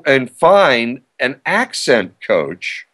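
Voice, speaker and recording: A man's voice: medium pitch, sing-song, very slow, a bit bright. An older man, an author and radio host, talking casually and eagerly in a podcast interview, with frequent restarts. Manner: chatty, self-promoting, frequent restarts.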